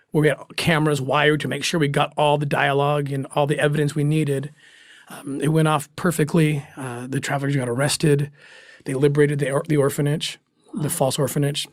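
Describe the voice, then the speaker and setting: Earnest man telling a story, halting with emotion. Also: on the high side, dry recording, clean studio sound. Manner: earnest, halting, restarts when moved. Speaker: guest recounting undercover work.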